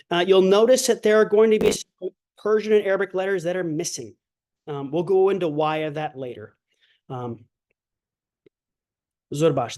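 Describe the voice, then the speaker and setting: A man with a high, warm voice teaches an online language lecture. Chatty and prone to digressions and fillers, the instructor shows sounds by voicing them in an exaggerated way.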